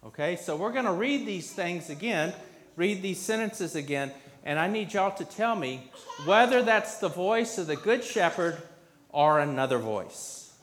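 Man, slightly high voice, leads a children's sermon with patient, simple questions. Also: animated, measured pace, slight background noise. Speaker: pastor leading a children's message.

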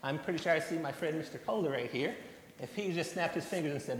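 Brief: young man, children's sermon, slightly high voice, echoey church hall. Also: fairly quick. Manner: storytelling, plain and gentle to children. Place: church sanctuary.

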